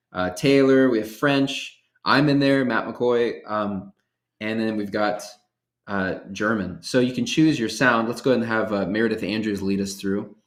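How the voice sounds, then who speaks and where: A man presenting a workshop, walking through software features step by step in an upbeat, casual way. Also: medium pitch, reverberant. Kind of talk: software tutorial demonstration.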